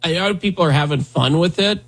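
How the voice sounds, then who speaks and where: A man's voice: fairly high pitch, brisk, a bit bright, breathy edge. A male radio host talking casually in a rambling, conversational way with lots of fillers. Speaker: radio talk show host. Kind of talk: casual talk radio chat.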